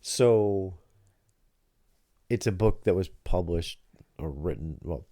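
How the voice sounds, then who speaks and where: A man's voice: sits low, animated, takes it slowly, warm tone, no echo, studio quality. A middle-aged man hosting a casual chat with his daughter, rambling and searching for words as he talks. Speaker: podcast host.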